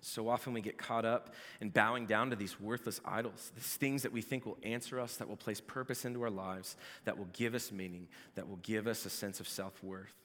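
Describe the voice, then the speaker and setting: A man delivers a sermon as the pastor, his voice bright and forceful. He talks with lively energy and breaks into loud outbursts when he jokes. His voice rings with the long reverb of a large hall. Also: fairly low pitch, a little fast, hardly any pauses. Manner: animated, builds to shouting in jokes.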